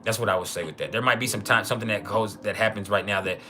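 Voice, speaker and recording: A man from Texas with a Texan accent, hosting an astrology livestream in loose, rambling casual talk that turns loud and heated. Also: on the low side, fairly even intonation, quick pace, faint music behind.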